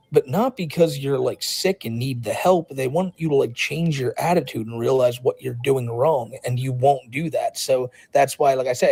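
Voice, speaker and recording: A man's voice: mid-range voice, gravelly, darkish tone, slightly rough, poor audio. A man co-hosting a podcast, giving blunt, rambling, sarcastic commentary in casual talk. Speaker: podcast co-host.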